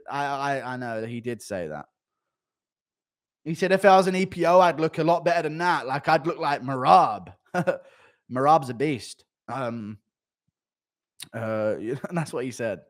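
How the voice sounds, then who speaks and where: A male streamer chatting casually on a livestream while thanking donors and answering chat. He talks in a crude way, swears freely and keeps breaking into laughter. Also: medium pitch. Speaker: streamer reading donations.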